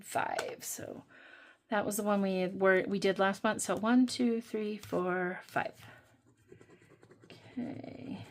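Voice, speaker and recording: A woman's voice: medium pitch, a little hiss or hum. A woman hosting a budgeting channel, chatting casually and thinking aloud while she counts and scratches off savings challenges.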